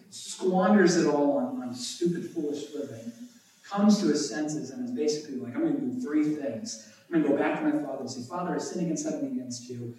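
A man preaching a sermon and reading scripture aloud, animated and emphatic, his voice jumping up on key words. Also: on the high side. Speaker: pastor. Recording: echoey room, voice from a distance.

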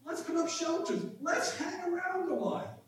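A man putting on a frightened, eager disciple who babbles in a high, excited voice. The voice sits well above a normal man's speech. It comes from a distant mic in a very echoey room with faint ambience. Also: slow pace, slight background noise, exaggerated voice.

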